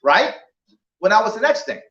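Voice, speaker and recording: A man speaking as a political candidate to a small crowd, an animated storyteller who acts out dialogue as he makes his points. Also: high voice, normal speed. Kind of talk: campaign talk with acted-out anecdotes. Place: indoor venue, roomy. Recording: echoey room, dull lo-fi sound.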